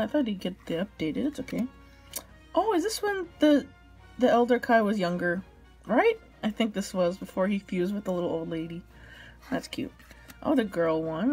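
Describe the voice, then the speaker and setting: A young woman opening trading cards, gushing as an excited fan with gasps and laughter. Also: mid-range voice, breathy edge. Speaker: card unboxing vlogger. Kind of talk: excited unboxing commentary. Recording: faint background music.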